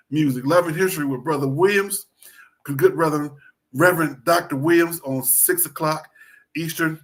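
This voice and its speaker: A man co-hosting a sports talk show, chatting casually, repeating phrases and plugging other shows. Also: a little high.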